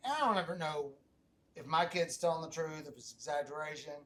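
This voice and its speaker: There's a little hiss or hum behind this middle-aged podcast host, whose fairly high, fairly bright voice moves fairly quickly. In a casual interview chat, his rambling questions keep trailing off and restarting.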